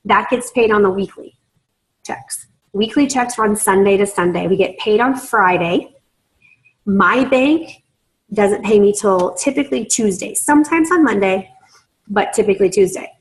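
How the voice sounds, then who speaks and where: A woman with a medium-pitched voice runs a sales training for a group, speaking at a measured pace in a persuasive, conversational style. She keeps checking in with listeners, asking "right?" and "you understand?", and the recording quality is low.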